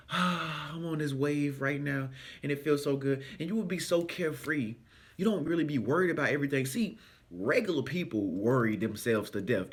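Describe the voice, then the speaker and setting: A man speaking in an animated, preachy, sing-song way in a motivational vlog. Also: fairly high pitch. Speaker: spiritual self-help vlogger.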